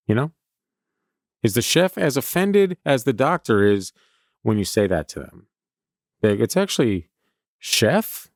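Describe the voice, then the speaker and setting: A man's voice: mid-range voice, sing-song, normal speed, pauses often, no echo, studio quality. A man from California hosting a comedy podcast, rambling through a self-mocking stream-of-consciousness monologue. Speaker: podcast host.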